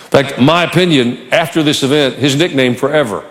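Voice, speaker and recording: A male pastor preaching a sermon in a church, animated and conversational with touches of humor. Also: medium pitch, fast talker, gravelly, in a large hall.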